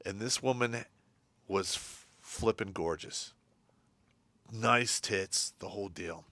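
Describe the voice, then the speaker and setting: A bright, forward-voiced man holds the floor with a rowdy story on a livestream, laughing through his own punchlines. His voice is close and dry, with no room sound around it. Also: lowish voice, slow, dry recording. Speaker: co-host. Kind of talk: casual livestream chat.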